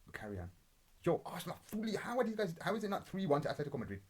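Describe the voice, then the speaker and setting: Fast-talking husky young man. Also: high-pitched, big pitch swings. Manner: blunt, rambling, sweary banter with street slang. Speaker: podcast host. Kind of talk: casual football watch-along commentary.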